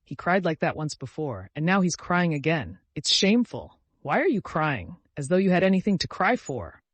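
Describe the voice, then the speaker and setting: A man voicing a proud young woman, speaking high and insistently, with a reproachful edge. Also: big pitch swings, normal speed, no room sound.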